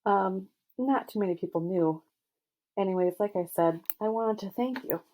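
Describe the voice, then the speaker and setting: Woman reading a gentle teenage football star. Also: medium pitch, normal speed, lightly acted. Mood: sincere. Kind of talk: audiobook character voice.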